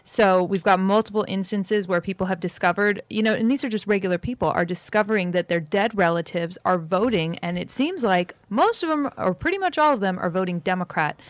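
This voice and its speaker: Woman radio guest, brisk and chatty, mid pitch, dry close sound. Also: no echo. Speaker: guest commentator.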